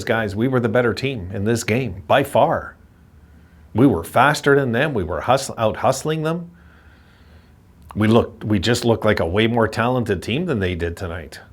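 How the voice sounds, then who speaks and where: A man giving a frustrated postgame rant as a hockey fan commentator, repeating himself and cursing at his team. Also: fairly low pitch. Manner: frustrated, ranting, repetitive.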